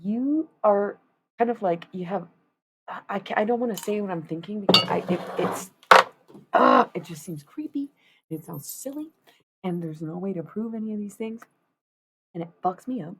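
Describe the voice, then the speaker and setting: A woman's voice: mid-range voice, animated, normal speed, pauses often, fairly bright tone, a little hiss or hum. A woman chatting casually on a live stream as she paints, rambling and swearing freely in asides to her viewers.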